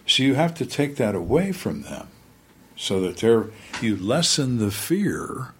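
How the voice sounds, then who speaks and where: An older man, a retired homicide detective, telling interrogation stories calmly and dryly and acting out suspects' lines. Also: mid-range voice, unhurried, slight background noise. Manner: calm, dry, acts out suspects' lines. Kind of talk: storytelling in interview.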